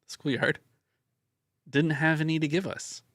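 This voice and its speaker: A man's voice: a little high, steady tone, measured pace, fairly bright tone, dry recording, studio quality. A man chatting casually as a tabletop game player, joking at his own expense. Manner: self-deprecating, joking.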